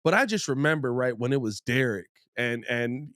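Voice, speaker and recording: A man's voice: medium pitch, moderate pace, no room sound, clean studio sound. Young man rambling about sports. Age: young adult. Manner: rambling, excitable, frequent restarts. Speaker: podcast host. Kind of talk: casual sports podcast banter.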